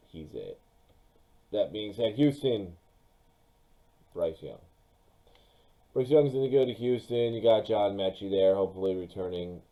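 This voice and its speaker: Laid-back low-voiced man talking football picks. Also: rough recording. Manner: loose, excitable, talks straight to viewers. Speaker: sports YouTuber. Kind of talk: mock draft commentary.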